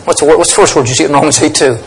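A man's voice: fairly high pitch, rapid-fire, a little hiss or hum, low-quality recording. A man teaching a Bible lesson, explaining Greek words emphatically and thinking aloud with restarts.

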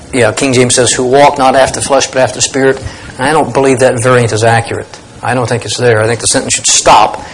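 A man's voice: mid-range voice, slight background noise, low-quality recording. A man teaching a Bible lesson, explaining Greek words emphatically and thinking aloud with restarts.

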